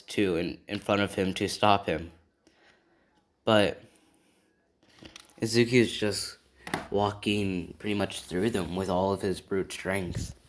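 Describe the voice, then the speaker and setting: A man improvising a fan-made story out loud, chaining events loosely with many "and he says" links. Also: lowish voice.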